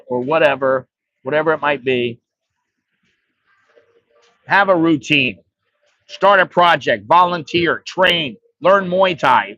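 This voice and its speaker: A man's voice: on the high side, a bit bright, no echo, dull audio. An American man giving blunt, profane, rambling advice on a casual livestream. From United States. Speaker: vlogger.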